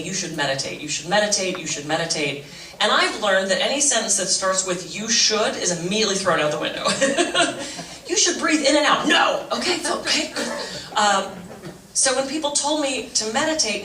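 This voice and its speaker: A lively middle-aged woman talking to a crowd at a fundraising breakfast. She tells her stories with bright, sharp energy and a lot of swing in her pitch, and she pokes fun at herself. She sounds echoey and a little far off. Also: slight background noise. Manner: animated, jokey storytelling with self-mocking asides; shifts to slow, soft guided-meditation voice. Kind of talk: motivational talk on stress with humor. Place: large event room. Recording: echoey room, voice from a distance.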